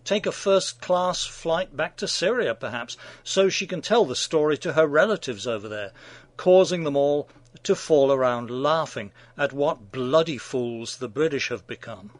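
A man's voice: fairly high pitch, expressive, measured pace, no room sound. A man delivering scripted opinion commentary in a sardonic, mocking manner.

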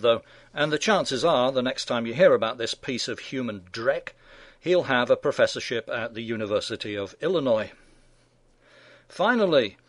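A man's voice: medium pitch, lively intonation, unhurried, no echo. Middle-aged male radio host reading his own news commentary, sardonic and ironic, in a dead-dry close sound.

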